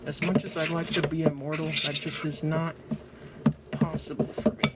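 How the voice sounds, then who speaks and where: A woman's voice: low voice, level tone, normal speed. A woman narrating her own craft project in a casual vlog, anxious, dramatic and joking at her own expense. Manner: anxious, dramatic, self-mocking. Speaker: vlogger. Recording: noisy home recording.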